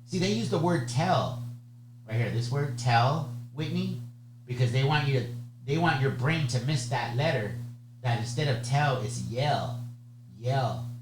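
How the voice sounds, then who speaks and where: A man's voice: medium pitch, moderate pace. Guy tutoring for the bar exam, casual and chatty, keeps asking "okay?", roomy echo with a hum behind him. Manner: chatty, checks in with "okay?" and "right?". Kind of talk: conversational exam lecture. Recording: echoey room with steady hum.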